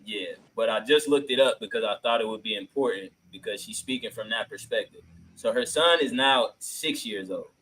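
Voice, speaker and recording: A man's voice: fairly low pitch, normal speed, a bit bright, low-quality recording. Laid-back slangy male podcast host. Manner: laid-back, slangy, many filler ums. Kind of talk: casual chat reacting to clips.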